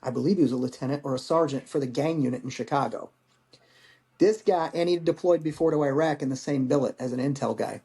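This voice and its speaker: A man's voice: mid-range voice, fast, gravelly, dark tone. A man in his forties, a veteran guest, telling stories in a candid, rambling way and swearing casually. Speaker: podcast guest, Marine veteran. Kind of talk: casual storytelling.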